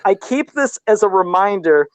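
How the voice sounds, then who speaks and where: A man's voice: high voice, expressive, normal speed, no room sound. A middle-aged man in casual podcast chat, laid-back and self-deprecating, often laughing at himself while talking about toy customs.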